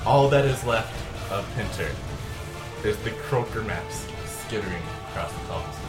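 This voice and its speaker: A man's voice: on the low side, lively intonation, moderate pace, over loud music. A man narrating a tabletop game as game master, in vivid, gory detail.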